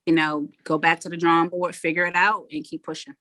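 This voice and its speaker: A woman's voice: on the low side, little pitch movement, brisk, bright, forceful tone, dry recording. A woman, a head coach talking frankly in a casual interview and acting out what people said. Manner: frank, acts out quotes.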